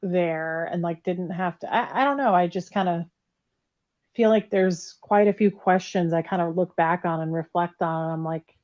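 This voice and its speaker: On a recorded phone call, a woman with a lowish, darkish voice speaks at normal speed about her past as a former member. She's candid and blunt, swearing freely.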